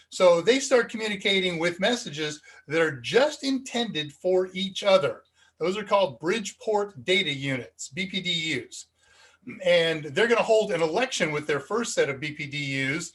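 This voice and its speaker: A man's voice: sits high, animated, moderate pace, fairly bright tone. Chatty American man hosting a live tech Q&A. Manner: rambling and chatty, with frequent ums and asides. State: slightly dizzy and foggy. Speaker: host of a live tech Q&A stream. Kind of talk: casual live-stream Q&A. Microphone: cheap USB desk microphone.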